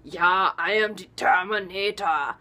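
Comic impression: a woman doing a grunting muscleman action hero, gruff and clipped. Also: lowish voice, measured pace, pushed and bright. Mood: boastful. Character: impression of a gruff male bodybuilder action star.

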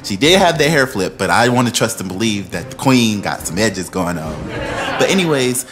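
Animated low-voiced gossip vlogger. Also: male voice, normal speed, soft background music. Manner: animated, laughing, slangy. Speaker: entertainment vlogger. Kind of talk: gossip commentary.

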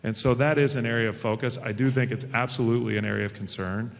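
A man's voice: mid-range voice, steady tone, fast, gravelly, a little hiss or hum. A middle-aged man speaking as a panel guest at a fireside chat, folksy and confident as he tells stories. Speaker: stock exchange president, panel guest. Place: event hall. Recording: long hall reverb.

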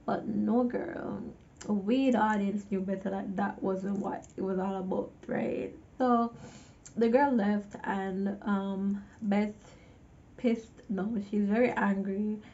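A woman's voice: mid-range voice, steady tone, slow, dark tone, muffled recording. A woman giving a casual movie recap, chatty, with exasperated asides to the viewer. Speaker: movie reviewer.

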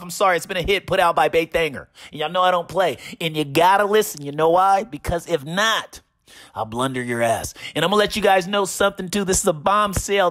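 A man's voice: sits high, a bit bright. A man hosting a gaming channel, mockingly recounting online drama with a repeated catchphrase.

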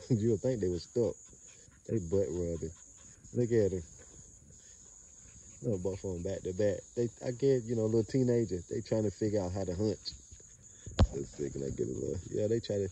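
Low-voiced man rambling loosely outdoors. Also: animated, normal speed, pauses often, mellow, slightly rough, distant mic. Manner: loose, rambling street talk with laughs. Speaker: dog breeder filming his kennel. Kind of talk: casual outdoor vlog narration.

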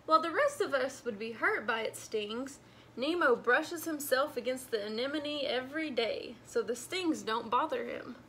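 A woman's voice: sits high, lively intonation, moderate pace, pushed and bright, slight background noise. A woman voicing a friendly male stingray teacher with a patient, explaining manner in a storybook read-aloud.

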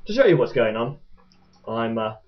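A man's voice: medium pitch, big pitch swings, normal speed. A young man chatting casually as he unboxes a toy boat, rambling and joking to his webcam. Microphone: webcam mic. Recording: dull lo-fi webcam audio.

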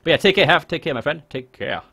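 A man with a Welsh accent chatting jokily and excitably while livestreaming a game, swearing now and then. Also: fairly high pitch, fast talker, gravelly. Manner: excitable, jokey, swears freely. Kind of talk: casual live gameplay chat. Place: home room.

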